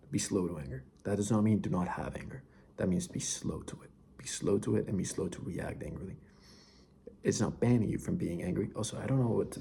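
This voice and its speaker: A man's voice: low voice, creaky, mellow, slight background noise. A young man talking casually and earnestly to camera about Bible verses, often saying "dude" and dropping to near whispers. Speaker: faith vlogger.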